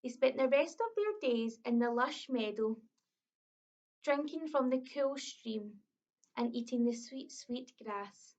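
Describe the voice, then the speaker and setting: A woman with a Scottish accent reading a children's story aloud, expressive, slow and clear. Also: fairly high pitch. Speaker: early years storyteller. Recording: dull lo-fi recording.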